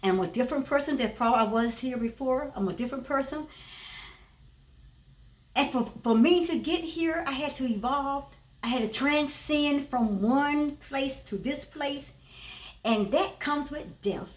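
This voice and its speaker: A woman with a high voice shares a spiritual testimony, earnest and emphatic, circling back over her own phrases. She sits back from the microphone, so her voice carries a roomy echo. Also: normal speed, recorded from a distance. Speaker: teacher and former preacher.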